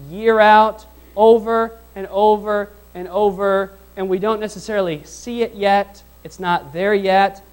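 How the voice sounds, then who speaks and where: Male pastor, casual sermon delivery, quizzes the congregation and swings between loud points and soft asides. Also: sits high, rough recording. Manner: conversational, asks the congregation questions and repeats phrases.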